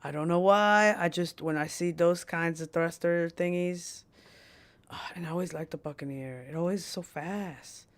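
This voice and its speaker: A woman's voice: fairly low pitch, moderate pace, close to an everyday voice. A woman streamer voicing a scheming female poison witch who tells fortunes, rambling and playfully mean in character. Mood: coveting. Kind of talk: in-character livestream role-play.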